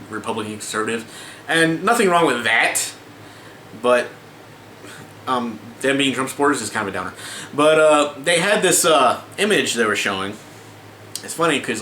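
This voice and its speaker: A man vents to camera in a loose, stop-start rant full of swearing and restarts. His voice is bright and forceful. The room is echoey, with faint ambient noise behind him. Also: medium pitch. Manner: exasperated, swearing, many restarts and filler words. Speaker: vlogger. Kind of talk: casual ranting commentary to camera.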